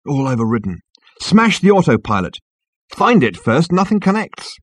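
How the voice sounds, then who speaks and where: A man's voice: on the high side, very animated, normal speed, breathy edge, dry recording, clean studio sound, pitched above the performer's own voice. Man doing a clipped, impatient man. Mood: urgent. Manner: clipped, tense, urgent. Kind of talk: audiobook character voice.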